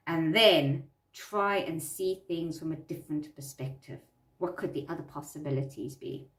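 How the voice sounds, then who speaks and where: A woman's voice: low voice, recorded from a distance. Earnest woman coaching, echoey room. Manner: earnest, repeats phrases for emphasis. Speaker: self-help coach. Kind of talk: talking through a worksheet.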